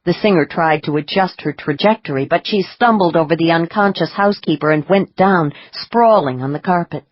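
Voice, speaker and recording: A woman reading audiobook narration in a measured, expressive way. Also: fairly low pitch, no room sound, lo-fi sound.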